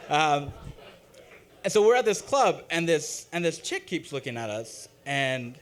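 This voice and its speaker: A young man performing a halting, self-deprecating open-mic stand-up set, full of ums and uhs. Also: fairly high pitch, big pitch swings. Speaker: stand-up comic. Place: open-mic comedy stage.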